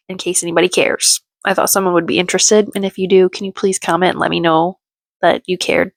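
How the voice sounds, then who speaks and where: A woman talks through a reality show episode in a chatty, sarcastic way, tossing out snide little jabs as she goes. her voice sits at an ordinary middle pitch, recorded close and dry with hardly any room sound. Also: no room sound. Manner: sarcastic, snarky asides. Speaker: reality TV recap commentator. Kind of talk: casual commentary.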